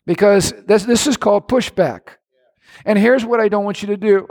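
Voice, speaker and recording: A middle-aged man preaching from the pulpit in a fairly high voice. He is animated, shouting some lines and dropping to hushed asides on others. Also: moderate pace. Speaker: pastor. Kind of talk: sermon.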